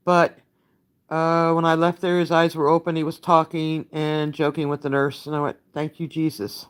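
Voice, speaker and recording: An older woman giving a halting, emotionally worn-out live update, greeting her viewers by name and using many fillers. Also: low voice, steady tone, smooth. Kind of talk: live-stream chat update.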